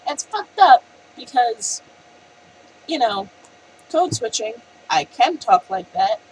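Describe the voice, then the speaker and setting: Young adult woman vlogger, animated and profane storyteller, lively pitch, faint hiss under the voice. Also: slow pace, low-quality recording. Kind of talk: casual storytelling rant.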